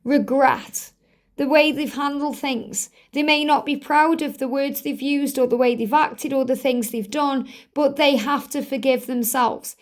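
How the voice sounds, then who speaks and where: A woman hosting a spiritual tarot card reading, speaking in an earnest, gently emphatic way and often repeating her phrases. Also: high voice, fairly even intonation, unhurried. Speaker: tarot reader.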